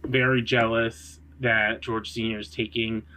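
A man's voice: medium pitch, flat delivery, measured pace, bright, forceful tone, a little hiss or hum. A man co-hosting a casual chat podcast, talking easily and laughing often. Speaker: podcast co-host.

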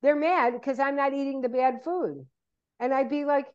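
A woman's voice: high voice, moderate pace, lo-fi sound. A woman in casual chat, telling stories and acting out what people said to her. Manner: animated storyteller, acts out quoted people.

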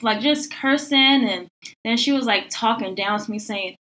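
Bright-voiced young woman telling a story. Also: moderate pace. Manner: animated, acts out quoted voices with high pitch jumps; lots of "like" fillers. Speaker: podcast guest telling a story. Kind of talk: casual storytelling chat.

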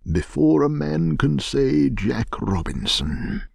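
A man voicing a jovial, portly old merchant in a storybook reading, calling out in a hearty, booming way. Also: big pitch swings, drawn-out words, vocal fry, warm tone, dry recording, exaggerated voice.

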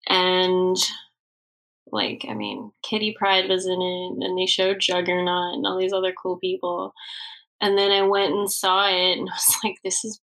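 A woman's voice: lowish voice, measured pace, a bit bright, low-quality recording. A young woman co-hosting a podcast, rambling in casual chat, swearing and laughing often. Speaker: podcast co-host.

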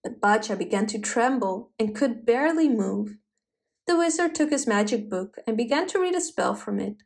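A woman narrating a folk tale in an expressive, dramatic storybook style. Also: fairly high pitch, normal speed, vocal fry.

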